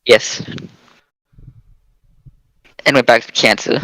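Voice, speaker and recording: A man reading a book aloud in a halting, casual way, with many pauses and fillers. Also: mid-range voice, flat delivery, creaky, fairly bright tone, no room sound, low-quality recording.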